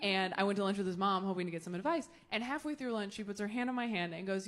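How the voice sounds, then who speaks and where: A young woman from Los Angeles, United States, a stand-up comedian, speaks at a quick pace in a medium pitch, rattling off self-mocking punchlines and drawing out quoted lines. She's on a comedy club stage before a live audience, with crowd noise and laughter behind.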